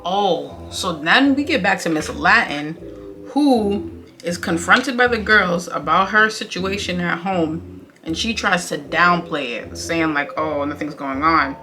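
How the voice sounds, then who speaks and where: Bright-voiced, sassy young woman. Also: fairly low pitch, animated, a little slow, faint music behind. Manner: sassy, blunt, opinionated, uses slang. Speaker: commentary vlogger. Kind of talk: casual reality TV recap commentary.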